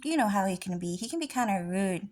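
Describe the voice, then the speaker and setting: A woman voicing a polite young woman who apologizes in a hurried, flustered way. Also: mid-range voice, expressive, darkish tone, close to an everyday voice. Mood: apologetic.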